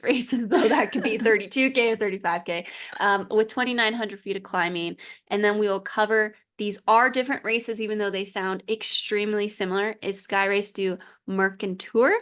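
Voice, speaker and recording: A woman's voice: mid-range voice, a bit bright. A woman co-hosting a podcast in casual chat, chatty, with frequent laughs and fillers. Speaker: podcast co-host.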